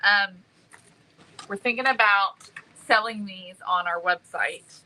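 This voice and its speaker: Woman, live stream host, unhurried, chatty. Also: mid-range voice, pushed and bright, slight background noise, low-quality recording. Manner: bubbly and chatty, many ums. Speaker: livestream host. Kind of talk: live stream chat greeting viewers.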